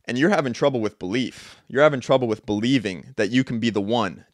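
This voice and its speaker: A young man hosting a podcast, giving an intense, profane motivational monologue with bursts of shouting. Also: mid-range voice, a little fast, no echo, studio quality. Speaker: podcast host. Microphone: two cameras, podcast mic.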